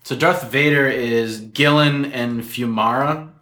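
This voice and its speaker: A man's voice: medium pitch, slow, bright, forceful tone. A man co-hosting a podcast, joking around in a self-deprecating way during casual chat. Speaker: podcast co-host. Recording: echoey room.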